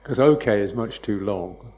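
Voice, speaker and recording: A man gives a dharma talk as a meditation teacher, speaking softly and unhurriedly with reflective repetitions. His voice is on the low side and gravelly, his pace measured, and there is noise in the background.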